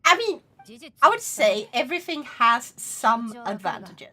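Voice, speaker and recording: Excitable high-voiced Swedish woman streamer. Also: measured pace. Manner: excitable, swears freely, loud bursts of laughter. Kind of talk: casual live-stream chat.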